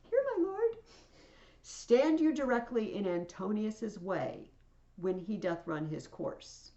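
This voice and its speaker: A woman reading aloud as a commanding male Roman ruler, proclaiming his lines loudly. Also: medium pitch, very animated, takes it slowly, echoey room, lo-fi sound, pitched above the performer's own voice. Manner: loud, proclaiming, theatrical.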